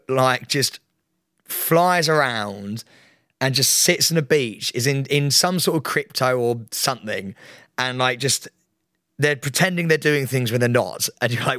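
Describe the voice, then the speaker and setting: A man's voice: medium pitch, moderate pace, a bit bright, no room sound, clean studio sound. Chatty man, full of "like". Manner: chatty, teasing, lots of "like". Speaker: podcast co-host. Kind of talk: casual chat.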